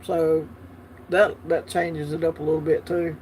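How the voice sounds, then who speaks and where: A livestream host with a Southern US accent chats in an easygoing way, answering viewer comments as they arrive. His voice is on the high side, level, unhurried and darkish, with a little hiss or hum.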